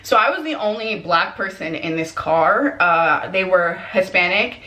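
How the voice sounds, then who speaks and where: Young woman, casual storytime, animated, echoey room. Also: on the low side. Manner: animated, quotes people in quick put-on voices. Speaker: vlogger.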